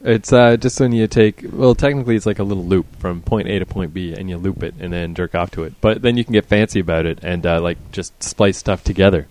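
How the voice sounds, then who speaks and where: A man's voice: low voice, brisk, hardly any pauses, a little mellow, no echo. A man co-hosting a casual podcast chat, joking crudely and swearing freely. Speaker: podcast co-host.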